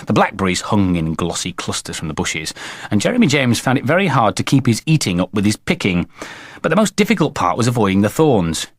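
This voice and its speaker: A man narrating a children's storybook in a playful, expressive way. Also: lowish voice, fairly quick, no echo, clean studio sound. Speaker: audiobook narrator.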